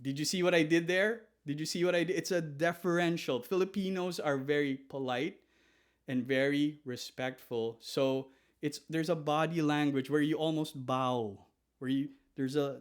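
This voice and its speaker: A man teaching a language lesson in an animated way, demonstrating polite phrases softly and often. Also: fairly high pitch, moderate pace, smooth. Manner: animated, demonstrating phrases with soft deferential repetition.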